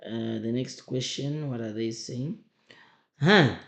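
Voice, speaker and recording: A man's voice: medium pitch, slow pace, vocal fry, fairly bright tone. A man, a teacher talking students through an exam memo, emphatic, repeating his points and firing rhetorical questions at them. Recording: roomy echo.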